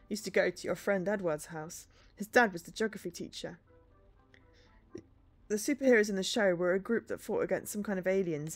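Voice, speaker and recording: A woman streamer reading a story game aloud, with dry, sarcastic asides. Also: lowish voice.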